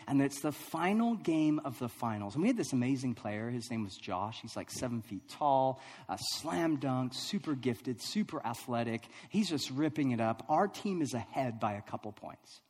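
Husky-voiced pastor in a big reverberant hall. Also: male voice, mid-range voice, normal speed. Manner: animated, self-deprecating storytelling with frequent laughter. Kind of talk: sermon with humorous personal story.

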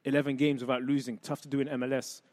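A man in his thirties hosting a sports talk show, talking upbeat and energetic to his audience. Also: mid-range voice, fast talker, no room sound. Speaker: show host and former player.

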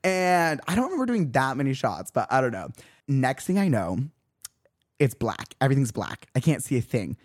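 Animated young man telling a story. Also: moderate pace. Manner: animated storyteller, acts out quotes with big pitch jumps. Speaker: podcast host. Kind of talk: casual chat.

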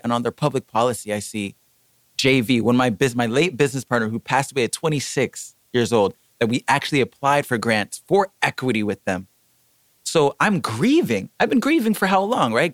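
A young man tells a story in a lively, animated way, jumping up in pitch when he quotes people. He sounds close and dry, with no room echo, and speaks at a middle pitch. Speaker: artist telling a story. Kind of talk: casual storytelling chat.

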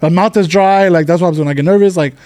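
A man's voice: high-pitched, quick pace, mellow. A man in casual podcast chat, explaining himself defensively with a lot of stammering. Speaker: podcast co-host.

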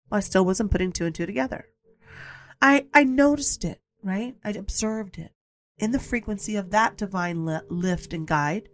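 A woman's voice: medium pitch, moderate pace. A woman hosting a podcast, telling a personal story in a candid, emphatic way, repeating her points and sometimes swearing. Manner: blunt, occasionally swears. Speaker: podcast host.

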